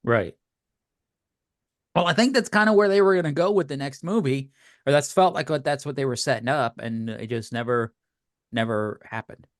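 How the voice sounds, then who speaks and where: A man's voice: mid-range voice, normal speed, dry recording, clean studio sound. Emotional middle-aged male podcast co-host. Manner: emotional, rambling storyteller. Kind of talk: casual chat.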